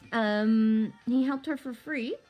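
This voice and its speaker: A woman's voice: on the high side, a little mellow. A woman telling a rambling personal story in a casual vlog, swearing freely and talking animatedly.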